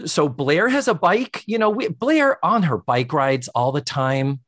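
A man co-hosting a podcast, talking in a casual, animated way. His pitch swings widely as he jumps into quick impressions of characters. The sound is dry and close, with no room echo. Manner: animated, acts out characters' lines in quick voices. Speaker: podcast co-host. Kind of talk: casual chat recapping a sitcom episode.

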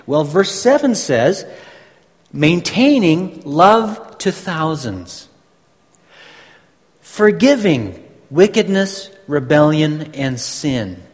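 A man preaching a sermon, teaching slowly and deliberately with emphatic pauses. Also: fairly high pitch, very animated. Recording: long hall reverb.

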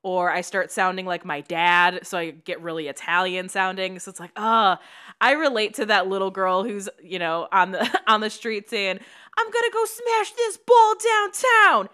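A woman from Chicago co-hosting a film podcast, relaxed and animated as she tells behind-the-scenes stories. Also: lowish voice, moderate pace, clean tone. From Chicago, USA. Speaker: podcast co-host. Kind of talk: casual film discussion.

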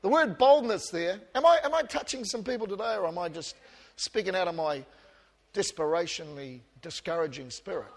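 A pastor preaching a passionate sermon, shifting from soft, quiet asides to loud outbursts, and joking about himself with the congregation. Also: male voice, sits high, animated, fairly quick. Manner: self-deprecating humour with the congregation. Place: church. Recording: long reverb of a church hall.

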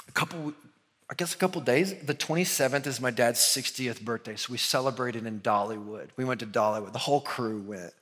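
A man in his thirties preaching a sermon in a church, talking casually and animated, often asking the congregation questions. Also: a little high. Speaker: pastor.

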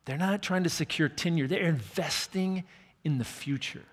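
A man preaching a sermon, telling a personal story with earnest warmth and dropping to a near whisper for quoted lines. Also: fairly high pitch, moderate pace, slightly rough. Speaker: pastor. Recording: long hall reverb.

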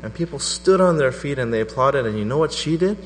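A middle-aged man preaching a sermon to a congregation, telling a personal story with animated energy. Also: brisk. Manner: animated storytelling, voice rising to a high pitch in quoted prayers. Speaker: pastor. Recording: reverberant hall with mains hum.

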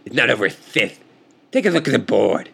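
A man's voice: medium pitch, very animated, brisk, vocal fry, a bit bright, breathy edge, exaggerated voice. A man voicing a stubborn male chess player who grumbles and refuses to admit defeat. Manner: grumbling, dismissive.

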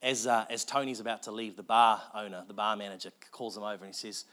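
A man tells a story in a sermon. He is animated and restarts his sentences often. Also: lowish voice. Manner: fast, animated, with filler restarts.

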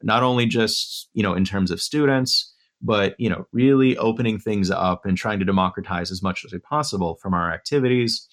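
A Durham-area author and educator is the subject of a conversational interview. His voice is on the low side and a bit bright, at normal speed, and he methodically lays out his points with an earnest, thoughtful air.

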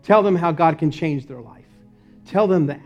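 Pastor guy preaching in church, kinda high voice, soft music under it, goes loud then real quiet. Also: moderate pace, muffled recording. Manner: swings between loud emphatic preaching and low quiet passages. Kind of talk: sermon. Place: church sanctuary.

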